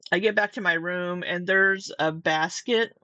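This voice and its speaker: A woman's voice: on the low side, measured pace, sharp tone, no room sound. A woman telling a story in a casual vlog, chatty and full of "like" with frequent laughs. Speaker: vlogger. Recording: dull lo-fi dry sound.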